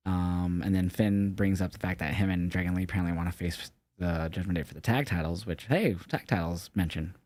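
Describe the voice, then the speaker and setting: A man's voice: sits low, a little fast, few pauses, a little mellow, no room sound. A young man casually recapping a wrestling show, rambling and swearing loosely and correcting himself as he goes. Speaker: podcast co-host.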